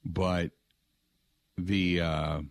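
A middle-aged man hosting sports talk radio, excitable and rambling, often putting on other people's voices. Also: low voice, extremely slow, gravelly, no room sound. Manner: excitable, mimics voices, frequent restarts.

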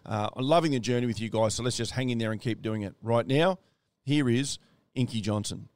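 A man hosting a challenge program, talking in a calm, encouraging, unhurried way. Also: mid-range voice, clean tone, no echo. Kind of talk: casual motivational chat.

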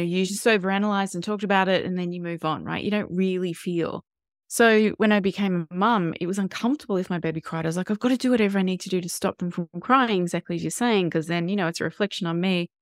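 A woman in her thirties, a parenting guest, explaining ideas in a measured and reflective way. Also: fairly low pitch, no room sound, studio quality. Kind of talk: interview answers.

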